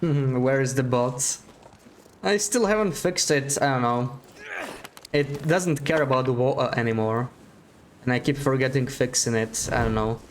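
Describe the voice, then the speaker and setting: A man's voice: medium pitch, unhurried, slight background noise. A man giving live gameplay commentary as a streamer, chatting to his viewers, thinking aloud and laughing often.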